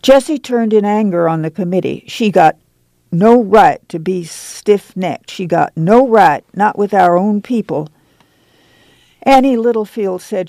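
An audiobook narrator reading a story in a plain, measured way. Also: mid-range voice, lively intonation, warm tone, no room sound. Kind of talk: scripted narration.

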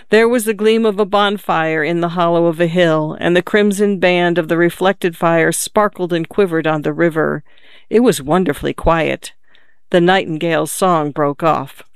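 A man's voice: fairly high pitch, smooth, no echo, studio quality. A man narrating a classic story aloud, reading steadily and giving the characters light voices. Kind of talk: audiobook reading of classic fiction.

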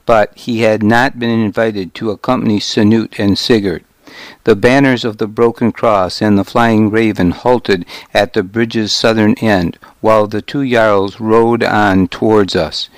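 A man narrating a historical novel in the first person, measured and deliberate. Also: fairly low pitch, dry recording. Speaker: audiobook narrator.

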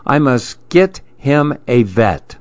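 A grumpy reclusive boy from a storybook, fussy and exclaiming, as a man reads him aloud. The voice jumps up high and swings widely in pitch. It sits on a slightly dull, lo-fi recording. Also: big pitch swings, slow, darkish tone, no room sound. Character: grumpy reclusive boy who wants to be alone.

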